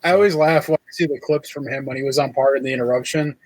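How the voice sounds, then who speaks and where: A man's voice: medium pitch, fast talker, no echo, low-quality recording. A man co-hosting a podcast in casual chat, laid-back and dryly amused. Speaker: podcast co-host.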